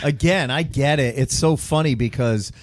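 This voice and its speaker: A man's voice: medium pitch, moderate pace. A man hosting a comedy podcast, talking in a blunt, profane, joking way. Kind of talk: casual podcast chat.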